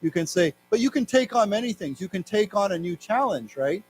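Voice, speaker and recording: A middle-aged man with an American accent teaching an English lesson, explaining words and reading news aloud slowly. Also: high-pitched, lively intonation, faint music behind, poor audio. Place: library lecture room.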